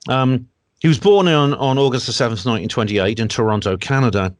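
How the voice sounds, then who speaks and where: A man's voice: mid-range voice, a little fast, no echo. A man talks through a dry home computer mic on a video call. He explains at length in an easy chat, often restarting his sentences. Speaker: guest researcher. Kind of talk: online panel chat.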